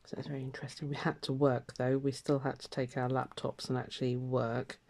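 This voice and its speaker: An older woman rambles through a casual catch-up as she stitches, her voice mellow and soft-edged. She drifts between topics with plenty of fillers and light laughter. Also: extremely low pitch, little pitch movement, brisk. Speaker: craft vlogger. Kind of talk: casual chat while stitching.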